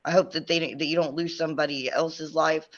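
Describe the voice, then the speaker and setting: A man's voice: on the high side, level tone, a little fast, fairly bright tone, muffled recording. Furious ranting man, heavy swearing. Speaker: podcast co-host. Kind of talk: heated livestream discussion.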